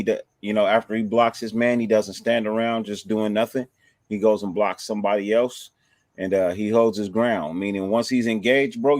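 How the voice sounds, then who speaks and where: Laid-back low-voiced man hosting. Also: a little mellow, dry recording. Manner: laid-back, slangy, reads viewer comments. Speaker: fan show host. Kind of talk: casual sports chat.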